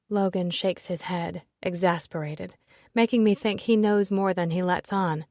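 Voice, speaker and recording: A woman with a lowish voice narrating a first-person romance audiobook. Her storytelling is expressive and heartfelt. The recording is close and very dry. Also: moderate pace, no room sound.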